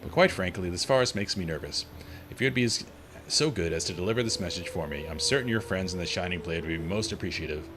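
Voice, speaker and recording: A man's voice: low voice, fast, background noise, lightly acted. A man voicing a nervous, polite male courier from a fantasy game while reading game dialogue aloud. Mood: uneasy.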